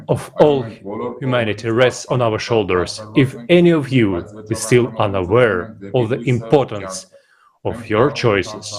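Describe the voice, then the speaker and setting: Earnest man speaking over a crowd. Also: mid-range voice. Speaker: conference speaker. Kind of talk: formal speech. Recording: speech over audible crowd.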